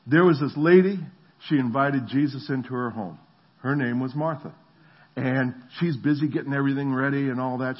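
A middle-aged man preaches with a slightly husky voice, at an ordinary pitch for a man. He tells stories with animated energy and slips into voices for the people in them. The recording sounds a bit dull and lo-fi. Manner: animated storytelling, acts out voices. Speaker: pastor. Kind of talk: sermon.

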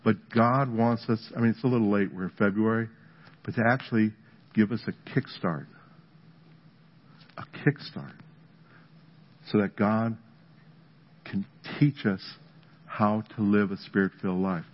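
A pastor with a fairly low, steady voice speaks at a moderate pace, preaching and praying aloud during a church service. His manner is earnest and conversational as he delivers a sermon with prayer ministry. The lo-fi audio sounds dull, with music playing behind him.

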